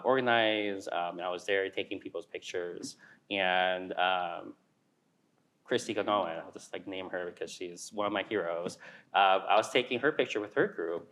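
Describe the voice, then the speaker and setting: Panelist, man, fairly low voice, halting and earnest, filler-heavy. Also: a bit bright, poor audio. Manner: hesitant, many fillers, earnest. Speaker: alumni panelist, nonprofit fundraiser. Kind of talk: personal panel talk.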